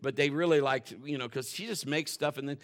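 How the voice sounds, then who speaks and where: A male pastor preaching a sermon in a folksy, joking way, dropping to quiet asides and building to loud, fervent stretches. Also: a little high, fairly quick. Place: church.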